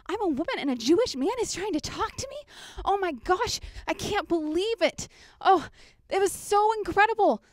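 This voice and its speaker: A woman acting out a Samaritan woman at the well, loudly offering water and telling her story with animated excitement. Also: extremely high pitch, fast talker, no echo, voice pushed up. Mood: astonished. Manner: loud, eager and animated, calling out offers. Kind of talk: costumed Bible story role-play. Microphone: handheld mic.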